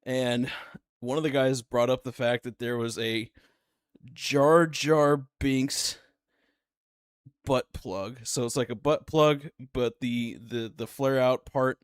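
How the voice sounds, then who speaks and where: A man's voice: medium pitch, no echo, studio quality. Chatty man on a reaction stream. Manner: chatty, frequent giggling asides. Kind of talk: casual reaction stream chat.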